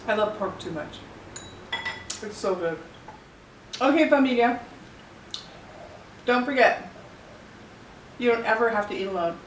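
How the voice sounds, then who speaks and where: A woman vlogger chatting casually and playfully while eating, pausing to savor her food. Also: fairly high pitch, lively intonation, echoey room, far from the mic, slight background noise, poor audio. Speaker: mukbang vlogger.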